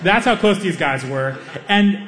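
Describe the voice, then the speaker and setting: Guy doing standup, kinda high voice, acts out everyone, live stage with long echo. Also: unhurried. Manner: animated, acts out voices of people in the story. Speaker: stand-up comedian. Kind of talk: stand-up storytelling.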